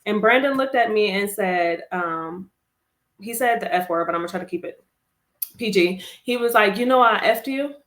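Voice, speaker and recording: A woman in a mid-pitched voice tells her own story as an interview guest, candid and expressive, acting out her own past words. The room around her is roomy and echoey. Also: moderate pace. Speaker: interview guest, army veteran.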